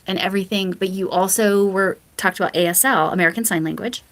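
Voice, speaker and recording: A woman's voice: medium pitch, quick pace. A woman guest in a casual video interview, chatting in a friendly way and laughing between points. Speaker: interview guest, fellow creator.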